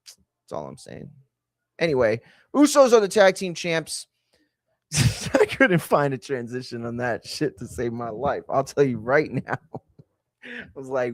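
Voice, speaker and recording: A man hosting a wrestling live stream, ranting in a heated, profane way and swinging between loud outbursts and low muttering. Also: sing-song, unhurried, pauses often, no room sound. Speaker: livestream host.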